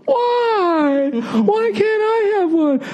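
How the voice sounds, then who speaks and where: A man voicing a whiny, childish grown woman who keeps begging for a snack, in a high nagging tone. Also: animated, extremely slow, darkish tone, highs cut off, exaggerated voice. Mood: whining. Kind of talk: mocking impression in casual chat.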